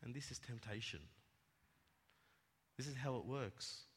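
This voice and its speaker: A man preaching a sermon, emphatic and repetitive, swinging between loud declarations and hushed words. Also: mid-range voice, a little slow, breathy edge. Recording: echoey hall, long reverb.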